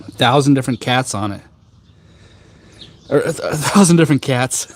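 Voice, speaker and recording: A man hosting a casual tea live stream outdoors on a rooftop garden, chatting with viewers in a jokey, rambling, deadpan way with many fillers. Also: mid-range voice, normal speed, no echo. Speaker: tea livestream host.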